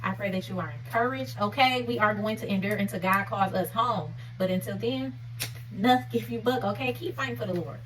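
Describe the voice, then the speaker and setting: A woman giving an encouraging faith-based talk to camera, earnest and preacherly, often checking in with her listeners with a quick "okay?". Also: mid-range voice, a bit bright, distant mic, rough recording. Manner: conversational and informal. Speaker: faith vlogger. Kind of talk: encouraging devotional vlog talk.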